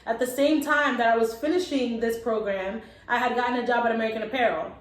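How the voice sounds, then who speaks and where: A woman's voice: fairly high pitch, fairly even intonation, fast talker. A woman co-hosting a podcast, telling stories candidly with wry, casual swearing. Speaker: podcast co-host. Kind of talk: casual chat. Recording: echoey room with faint noise.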